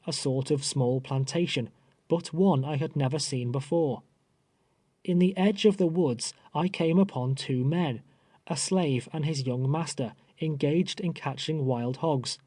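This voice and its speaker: A man's voice: a little high, mellow, no room sound. Grave male audiobook narrator, dry close sound. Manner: measured, grave storytelling. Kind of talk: scripted first-person narration.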